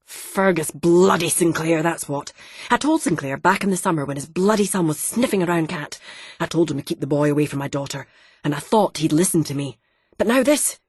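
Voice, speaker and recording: A hot-headed landowner father rants and swears at full volume, voiced by a woman reading the story. The voice sits low and husky, and the recording is dry and close, with no room sound. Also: lively intonation, a little fast, dry recording. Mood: indignant. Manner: loud, indignant ranting with heavy swearing. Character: blustering, short-tempered middle-aged landowner father.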